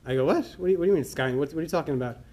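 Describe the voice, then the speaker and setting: A middle-aged man telling a personal story to a conference audience, acting out the dialogue in an animated way. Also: fairly high pitch, racing. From New York. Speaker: conference speaker. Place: conference hall.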